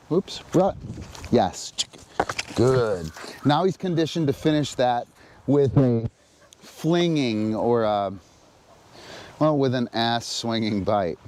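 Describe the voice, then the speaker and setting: A man demonstrating dog training on a live stream, explaining in halting, relaxed speech between short sharp cues to the dog. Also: mid-range voice, slight background noise.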